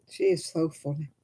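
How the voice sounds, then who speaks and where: A woman's voice: low voice, mellow, husky, low-quality recording. An older woman, chatting and telling stories with a giggle while she crafts over a video call from home. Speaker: craft stream host. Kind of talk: casual chat while crafting.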